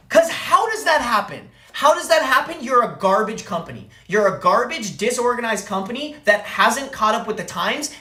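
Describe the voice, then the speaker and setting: A woman's voice: mid-range voice, sharp tone, roomy sound. A woman streamer telling a story in an angry, profane rant, repeating phrases for emphasis. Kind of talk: ranting live-stream story.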